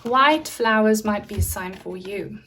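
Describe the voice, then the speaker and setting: A woman's voice: medium pitch, measured pace, fairly bright tone, far from the mic. A woman giving a tarot reading, offering earnest, direct advice with frequent fillers. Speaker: tarot reader.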